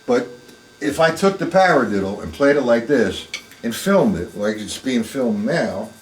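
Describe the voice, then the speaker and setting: A man's voice: medium pitch, sing-song, a little slow, echoey room, recorded from a distance, a little hiss or hum, rough recording. A man teaching a live online drum lesson, plain-spoken and emphatic, talking through the strokes as he plays them in his practice room.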